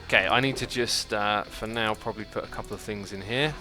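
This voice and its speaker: Bright-voiced man chatting on a livestream. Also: on the low side, a little fast, soft background music. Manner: chatty, thinks aloud, reads out chat messages. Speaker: livestream host. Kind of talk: casual chat while playing a building game.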